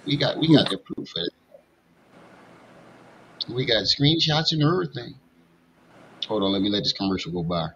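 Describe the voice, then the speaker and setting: A man's voice: medium pitch, big pitch swings, moderate pace, pauses often, a bit bright, lo-fi sound, slight background noise. A man hosting a livestream commentary show, talking in a casual, loose way.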